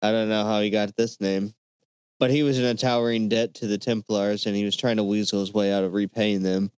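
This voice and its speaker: A man with a low, smooth, resonant voice recorded dry and close. He co-hosts a casual podcast and retells history in a loose, profane way, full of fillers. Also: flat delivery, a little fast, a little mellow, no room sound. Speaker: podcast co-host presenting the research. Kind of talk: casual chat.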